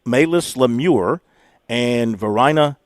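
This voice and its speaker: A man's voice: mid-range voice, dry recording. A man hosting a radio sports talk show, chatting and reading tournament results. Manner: conversational, reads results with pauses.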